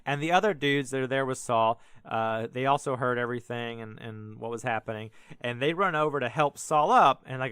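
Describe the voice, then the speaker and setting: A man's voice: mid-range voice, fairly quick, few pauses, a bit bright, clean tone, no echo. A man hosting a podcast, casually retelling a Bible story in a rambling, joking way full of fillers and restarts. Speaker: podcast host.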